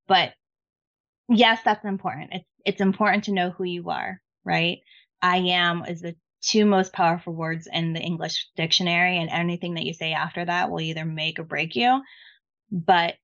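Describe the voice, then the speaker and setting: Chatty woman with a dull, lo-fi sound. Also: lowish voice. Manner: excitable, many "like" fillers and restarts. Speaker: podcast guest. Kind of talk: casual faith chat.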